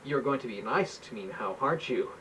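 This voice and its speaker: A gloating, bullying president hisses mocking threats, as a man puts him on. The voice sits a little higher than a plain speaking voice and carries a sneering push. It sounds as if heard from across the room, with a faint hiss behind it. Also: lively intonation, fairly quick, fairly bright tone, lightly acted. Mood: taunting. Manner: taunting, hissing threats. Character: gloating, menacing male US president. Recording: faint hiss, mic far off.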